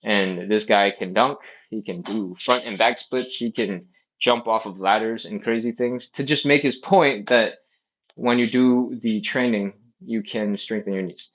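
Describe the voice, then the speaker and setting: A stretching instructor, a man, runs a casual live-stream session full of rambling asides. His voice is on the low side and unhurried, and the sound is lo-fi.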